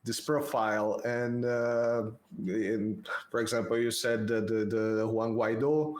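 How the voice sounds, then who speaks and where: A man hosting a casual interview, joking and halting, often repeating words as he works toward his question. His pitch is ordinary for a man, and the sound is roomy and echoey. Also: steady tone.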